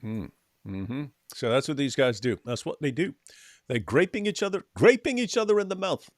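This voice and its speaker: A man hosting a casual livestream chat, sarcastic and mocking, often trailing off quietly at the ends of lines. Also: fairly high pitch, animated, moderate pace, dry recording, clean studio sound. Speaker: host.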